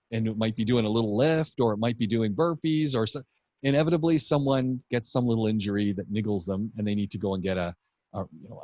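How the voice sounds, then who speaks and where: A man hosting a podcast, telling relaxed, rambling anecdotes in casual chat. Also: medium pitch, no room sound. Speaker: podcast host. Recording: dull dry podcast audio.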